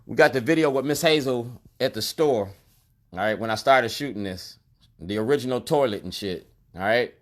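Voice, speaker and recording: A middle-aged store owner and activist vlogger speaks straight to the camera in a protest monologue, colloquial and emphatic, repeating his key lines. His voice is mid-range and his pace moderate.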